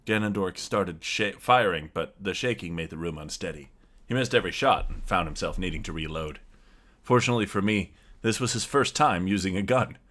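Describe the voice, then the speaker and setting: Deep-voiced man narrating a game story. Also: brisk. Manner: steady, descriptive narration. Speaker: player narrating his character. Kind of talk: first-person story narration in a tabletop game.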